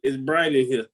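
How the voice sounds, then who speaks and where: Joking guy on the podcast, kinda high voice, bounces around, clowning everybody. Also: noisy background. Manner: joking, playful trash talk. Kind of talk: casual comedic podcast banter.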